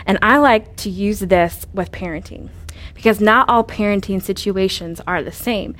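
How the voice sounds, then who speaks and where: A woman's voice: mid-range voice, normal speed. Earnest woman coaching on parenting. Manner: earnest and coaching, with rhetorical questions and fillers. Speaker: parenting speaker. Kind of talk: instructive talk on parenting.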